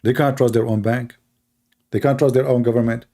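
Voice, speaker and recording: A man's voice: medium pitch, steady tone, fairly quick, warm tone. A man, talking in a casual, emphatic monologue and telling stories with lots of repetition. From Middle East. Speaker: online commentator.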